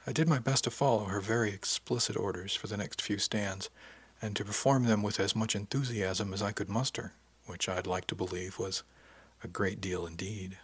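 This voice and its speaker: A man reading a first-person story aloud in a soft, intimate, unhurried way, often dropping to a half-whisper. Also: fairly low pitch, steady tone, slightly rough. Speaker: narrator. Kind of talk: first-person audiobook narration.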